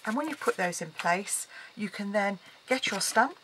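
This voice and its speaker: A woman's voice: medium pitch, animated, normal speed, poor audio. A woman explaining a card-making project in a casual tutorial, chatting as she works with frequent ums. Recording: loud background noise.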